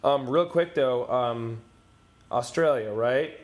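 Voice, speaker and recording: A man's voice: medium pitch, slow pace. A young man co-hosting a podcast, talking loosely with slang and a laid-back, apologetic air. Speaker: podcast co-host. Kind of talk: casual chat.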